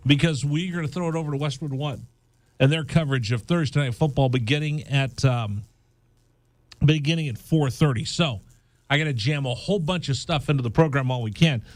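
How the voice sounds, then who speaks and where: A man's voice: on the high side, a little fast, dry recording. A man hosting a radio sports show in the studio, chatting loosely and joking as he runs down the program. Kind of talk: casual radio chat. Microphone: studio microphone.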